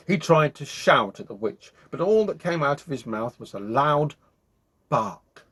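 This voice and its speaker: A man hosting his own show, reading a children's bedtime story aloud in an expressive, animated way. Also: mid-range voice, normal speed, husky. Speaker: storyteller host.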